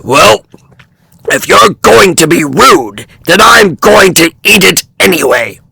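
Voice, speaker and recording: A man doing a big, gravelly buffalo. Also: high-pitched, sing-song, slow pace, pushed and bright, dry recording, voice pushed up, full character voice. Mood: defiant. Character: big, heavy, stubborn male buffalo.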